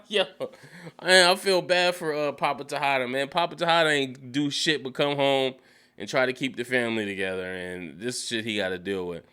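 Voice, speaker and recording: A man casually recapping a TV episode, acting out the characters' lines in quick bursts and laughing often. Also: mid-range voice, bright, forceful tone, clean tone. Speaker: TV show reviewer. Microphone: studio dynamic mic.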